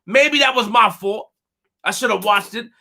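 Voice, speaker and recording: A man's voice: high voice, moderate pace, gravelly, bright, forceful tone. A man hosting a live stream, talking emphatically, repeating himself and addressing his chat directly. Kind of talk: animated live stream commentary.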